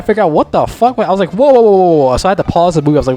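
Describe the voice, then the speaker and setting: A man casually reviewing a movie, rambling, swearing heavily and repeating himself, his voice jumping up high when he gets excited retelling scenes. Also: very fast, few pauses, soft background music.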